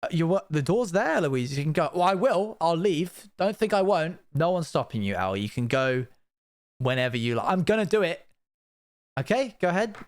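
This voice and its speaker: A man's voice: fairly high pitch, sing-song, moderate pace. A young man chatting casually as a streamer, reacting to a video with wry, rambling commentary.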